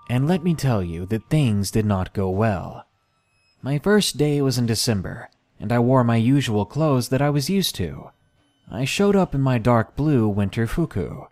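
A man reading submitted first-person scary stories aloud in a steady, measured scripted narration. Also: mid-range voice. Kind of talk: scripted horror story narration.

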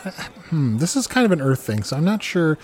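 A man's voice: on the high side, big pitch swings, a little fast, a little mellow. A man hosting an improv comedy show, asking playful, rambling questions. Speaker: host.

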